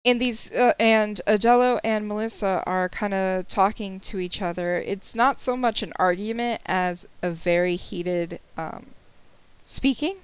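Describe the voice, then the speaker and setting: A woman narrating a tabletop game as game master, describing scenes slowly with many pauses. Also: mid-range voice, clean tone, no echo. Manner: slow, descriptive, with fillers.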